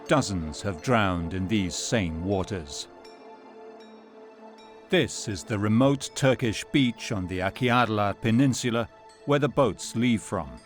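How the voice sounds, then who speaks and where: Male documentary narrator, fairly low voice, sober measured read. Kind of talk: scripted narration.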